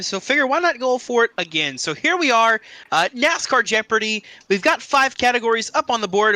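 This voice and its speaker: Man, trivia host, upbeat, jokey, high voice. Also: bright, forceful tone. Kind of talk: casual online stream chat, reading quiz clues.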